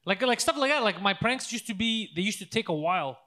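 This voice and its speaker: A man's voice: sits high, animated, fast talker, pushed and bright. A man in casual podcast chat, telling crude prank stories with lots of laughter.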